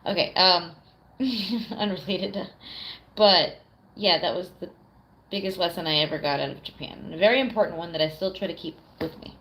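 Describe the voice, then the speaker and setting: A woman's voice: lowish voice, moderate pace, a bit bright. A young woman livestreaming casually, answering chat, chatty, swearing freely and laughing often. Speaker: streamer. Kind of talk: casual live-stream chat.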